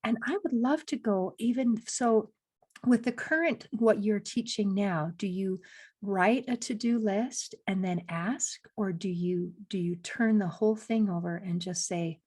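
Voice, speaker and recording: A woman hosts a podcast interview, effusive and encouraging as she responds to her guest. Her voice has a breathy, husky quality at a medium pitch. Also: a little slow, a little mellow. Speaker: podcast host. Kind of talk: conversational interview.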